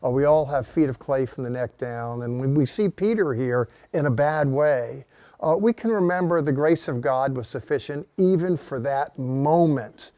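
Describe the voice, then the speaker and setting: Brief middle-aged man, Bible teacher, earnest sermon delivery, mellow tone, dry close sound. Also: medium pitch, animated, moderate pace, no room sound. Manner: earnest, reads scripture with emphatic voiced quotes.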